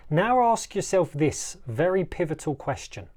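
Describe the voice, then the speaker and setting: A man's voice: fairly high pitch, lively intonation, a little mellow. Emphatic man hosting a motivational podcast. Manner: emphatic, repetitive, slows for dramatic effect. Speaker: life coach, podcast host.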